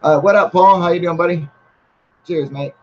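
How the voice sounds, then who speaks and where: A man's voice: fairly high pitch, moderate pace. A man hosting a casual livestream, chatting with viewers in a blunt, heavily profane, rambling way. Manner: rambling with many fillers. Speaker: channel host. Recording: slightly muffled with faint hiss.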